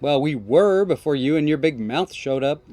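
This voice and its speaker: A man's voice: a little high, animated, moderate pace, warm tone, no room sound, lightly acted. A man voicing a touchy, bratty teenage boy gang boss who talks in a whiny, defensive way. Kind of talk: reading game dialogue aloud.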